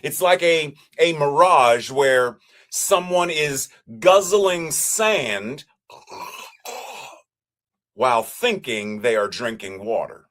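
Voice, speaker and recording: Slow, measured male preacher. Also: on the high side, expressive, fairly bright tone. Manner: measured, repetitive preaching cadence. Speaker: minister. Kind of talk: sermon.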